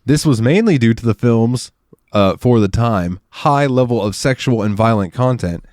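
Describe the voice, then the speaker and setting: A man's voice: medium pitch, expressive, moderate pace, darkish tone, no room sound, clean studio sound. A man on a podcast reading film trivia aloud with wry, laid-back asides in casual chat. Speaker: podcast co-host.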